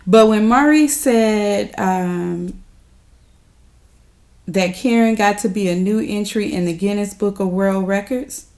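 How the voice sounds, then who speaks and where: A woman's voice: mid-range voice, slow, a little mellow. A woman, chatting casually to viewers as she recaps a TV episode, often laughing and calling them y'all. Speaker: recap host.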